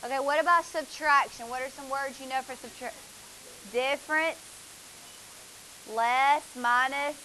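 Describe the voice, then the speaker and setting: A woman's voice: high-pitched, steady tone, unhurried, pauses often, pushed and bright, slight background noise, poor audio. A woman, teaching a math class, asking students questions and praising their answers.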